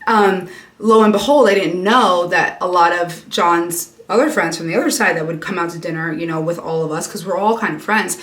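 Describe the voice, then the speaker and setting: A woman's voice: on the low side, fairly quick. A young woman telling a personal story in a casual get-ready-with-me vlog, chatty and swearing freely. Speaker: vlogger. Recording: echoey room.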